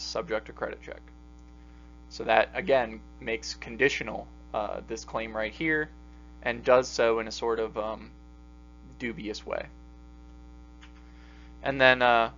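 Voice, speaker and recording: A man's voice: mid-range voice, a bit bright. A man teaching a logic class in a casual, filler-heavy lecture style. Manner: casual, many fillers and pauses. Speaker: logic instructor. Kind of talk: recorded lecture. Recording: dull lo-fi recording with faint mains hum.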